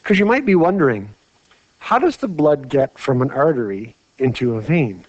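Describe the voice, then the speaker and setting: Male teacher, mid-pitched, conversational whiteboard lecture; close dry mic, slightly muffled. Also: sing-song, moderate pace, darkish tone, no room sound. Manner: chatty, asks rhetorical questions.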